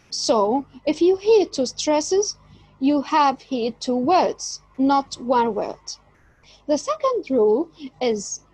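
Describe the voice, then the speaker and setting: A woman teaching an English lesson, speaking deliberately and stressing key words. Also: high-pitched, a little mellow, slightly rough, no echo, poor audio. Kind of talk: slow explanatory lesson.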